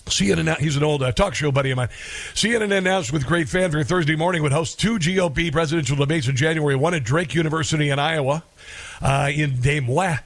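A man's voice: a little high, a bit bright. A man hosting a political talk radio show, delivering a rambling, sarcastic monologue and chuckling at his own jokes.

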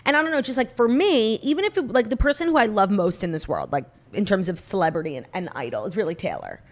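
A woman's voice: medium pitch, quick pace. A woman co-hosting a podcast, chatting casually about pop culture with emphatic opinions and frequent "like". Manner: emphatic, says "like" often, animated opinions. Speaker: podcast co-host.

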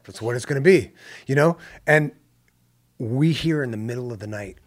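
A man telling a story in casual talk, animated and swearing, acting out what people said. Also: medium pitch, normal speed. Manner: animated, swears, acts out quotes. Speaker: guest filmmaker.

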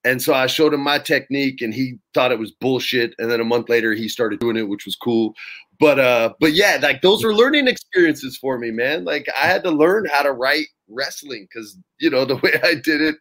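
A man guest spinning backstage anecdotes in a lively, loose way, with the odd curse and bursts of laughter. His voice sits at an ordinary middle pitch. The delivery is chatty and unscripted. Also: normal speed. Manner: animated, swearing, laughing storyteller. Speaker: interview guest. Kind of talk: casual storytelling.

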